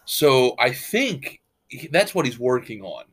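A man's voice: mid-range voice, big pitch swings, measured pace, breathy edge. A man hosting a casual family podcast chat, rambling and stumbling over his words as he teases the others. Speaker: podcast host.

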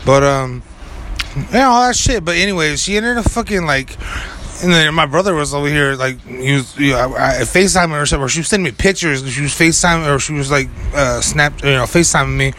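A man's voice: on the high side, brisk, sharp tone, a little hiss or hum. A young man telling a rambling story in casual chat, full of filler words and swearing. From California. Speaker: podcast co-host.

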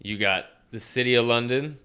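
A man's voice: mid-range voice, moderate pace, sharp tone, smooth. A man talking in a casual podcast chat, explaining things with confidence. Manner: confident, explaining conspiracy theories as fact. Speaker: podcast guest.

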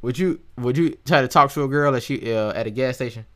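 A man's voice: medium pitch, fast talker, fairly bright tone. A young man in a casual chat with friends, joking, laughing often and acting out stories.

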